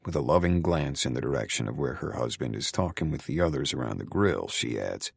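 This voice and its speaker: Very deep gravelly male narrator. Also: lively intonation, a little fast, no echo, clean studio sound. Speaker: audiobook narrator. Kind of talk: first-person romance audiobook narration.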